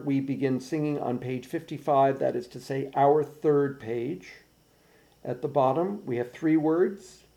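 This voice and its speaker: A man directing a choir's bass section, patiently explaining how to sing each phrase and counting them in. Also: creaky, dark tone. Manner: patient, precise coaching with counting in. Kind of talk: choir rehearsal instruction. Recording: practice recording with piano.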